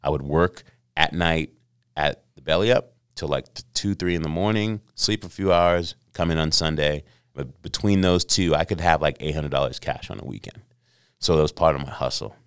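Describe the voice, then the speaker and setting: Deep-voiced man telling an animated story. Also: moderate pace, smooth, no room sound, clean studio sound. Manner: animated storyteller, acts out quotes, swears freely. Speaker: podcast guest. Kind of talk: casual storytelling.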